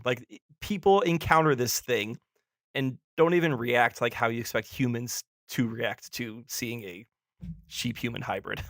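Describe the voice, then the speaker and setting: A man's voice: medium pitch, a little slow, fairly bright tone, dry recording, clean studio sound. A man co-hosting a film podcast, talking casually and laughing often as he stumbles over names. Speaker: podcast co-host.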